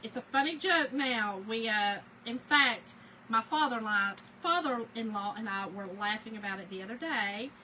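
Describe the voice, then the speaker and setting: A woman with a Southern US accent, hosting a craft livestream and telling a story in a chatty, animated way while she works, often laughing and talking to her viewers. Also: a little high, normal speed, a little hiss or hum, poor audio.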